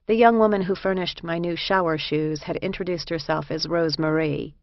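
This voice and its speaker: Low, gravelly woman reading a memoir. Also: steady tone, no room sound. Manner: measured, reflective delivery. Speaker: audiobook narrator. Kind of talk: first-person memoir reading. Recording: dull lo-fi dry recording.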